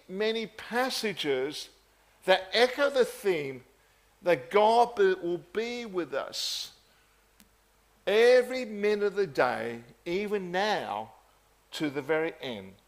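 A man preaching a sermon in an earnest, measured way, often repeating phrases for emphasis. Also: high-pitched, expressive.

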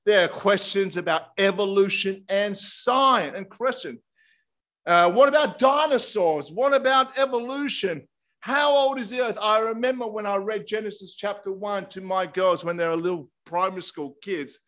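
A middle-aged man preaching a sermon in a lively, chatty way, drawing his congregation in. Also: high voice, moderate pace. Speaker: pastor.

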